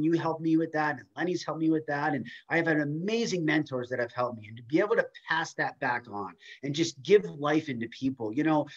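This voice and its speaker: A man giving a casual, emphatic motivational talk on a community video call, swearing now and then. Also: a little high. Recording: muffled lo-fi video call audio.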